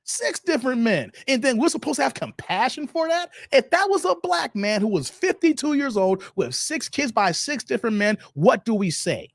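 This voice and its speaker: A man's voice: very high-pitched, big pitch swings, moderate pace, vocal fry, few pauses, no echo, clean studio sound. A man hosting a livestream, reacting to videos with blunt, profane, emphatic rants and reading out chat messages. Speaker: live-stream commentary host.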